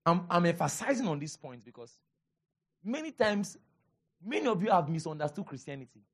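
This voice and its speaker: Animated Nigerian pastor preaching. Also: male voice, sits high, fairly quick, breathy edge. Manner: animated, repeats lines for emphasis, calls to congregation. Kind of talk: sermon.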